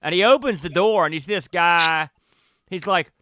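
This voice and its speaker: A man narrating a tabletop game as game master, lively and quick with laughs. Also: high voice, no room sound, studio quality.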